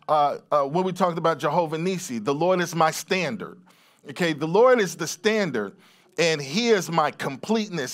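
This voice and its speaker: A middle-aged man preaching a sermon in a somewhat high voice. He reads scripture aloud, then explains it in a loose, conversational way, circling back and repeating words as he goes. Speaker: pastor.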